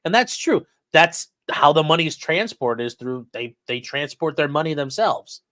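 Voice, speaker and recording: A fairly high-voiced man reads rulings aloud and then mocks them. He speaks straight to his chat, and the sound is dry and close. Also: lively intonation, moderate pace, fairly bright tone, no room sound. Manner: sarcastic, talks straight to chat, swears. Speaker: streamer discussing court cases. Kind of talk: casual livestream commentary.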